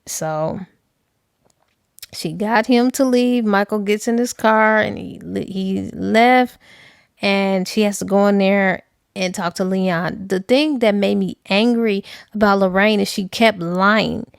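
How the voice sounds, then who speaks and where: A woman recapping a novel in a casual, animated, slangy storytelling style. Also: mid-range voice, takes it slowly, vocal fry, smooth, dry recording, studio quality. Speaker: book reviewer. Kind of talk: casual book review recap.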